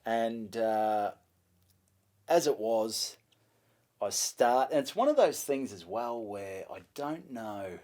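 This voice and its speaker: A man's voice: fairly low pitch, animated, takes it slowly, a little mellow. A man with an Australian accent, a stand-up comedian, telling a story in casual chat, swearing freely and acting out both sides of each exchange.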